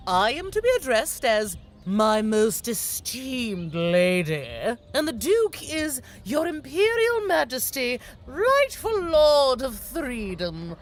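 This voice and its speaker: A woman's voice: a little high, heavily acted. A prim, snobbish society lady. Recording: game audio with music behind.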